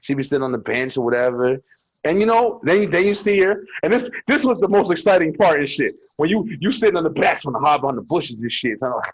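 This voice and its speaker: A quick-talking young man with a husky voice tells cursing-laced stories in a relaxed chat. His pitch swings widely as he acts out the lines of the people in them. The recording is a little muffled and lo-fi. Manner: loose, profane storytelling with acted-out quotes. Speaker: co-host. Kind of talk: casual chat.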